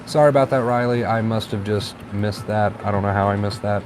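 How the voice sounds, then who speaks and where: A man's voice: fairly low pitch, brisk. Male livestream host, easygoing and encouraging, faint traffic outside. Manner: relaxed, encouraging, reads viewer comments aloud. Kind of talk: casual live-stream chat reading comments.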